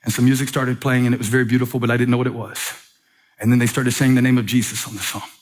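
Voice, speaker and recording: A man preaches to a church from the stage with a middle-pitched voice. He reads a letter aloud, stretching the pauses and building through repetition. His delivery stays steady and earnest as he carries the sermon. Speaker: pastor. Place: church sanctuary.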